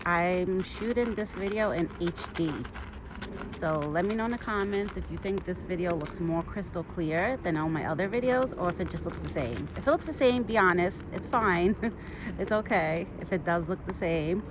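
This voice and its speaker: A woman's voice: fairly low pitch, moderate pace. A young woman chatting casually in a vlog, talking sweetly to a deer while filming on a trail with her phone. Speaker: vlogger feeding a wild deer. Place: outdoors on a trail. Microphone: phone camera. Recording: outdoor phone recording with noise.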